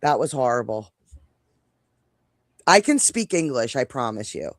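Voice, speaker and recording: A woman's voice: extremely low pitch, very animated, slow pace, pauses often, dry recording, studio quality. A woman with a New York accent co-hosting a casual live stream, chatty and rambling, often breaking off mid-sentence. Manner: chatty, rambling, self-interrupting. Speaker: co-host.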